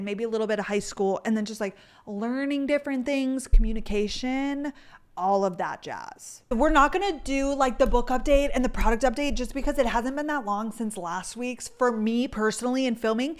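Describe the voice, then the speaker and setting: A woman in her twenties hosting a casual solo podcast, talking fast and loose with lots of "like" and the odd swear word. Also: fairly high pitch. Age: 20s. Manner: chatty, fillers of "like", casual swearing. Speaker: podcast host.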